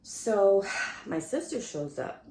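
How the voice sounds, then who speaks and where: A woman's voice: mid-range voice, slow, slight background noise. A woman vlogger chatting casually to the camera, telling a story and acting out what people said. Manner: animated, chatty, acts out quotes. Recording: echoey room.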